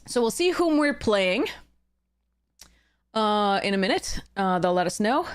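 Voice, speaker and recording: A bubbly woman streamer chats casually to her viewers, giggling often. Her pitch sits in an ordinary middle range, and she rambles through fillers and restarts in a loose, excited way. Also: brisk. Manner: bubbly and giggly, with frequent laughter. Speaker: streamer and content creator. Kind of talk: casual live-stream chat.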